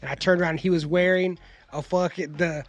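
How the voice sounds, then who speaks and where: High-voiced man swearing through casual chat. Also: fairly even intonation, a little fast, highs cut off. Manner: profane, rambling storyteller. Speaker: podcast host.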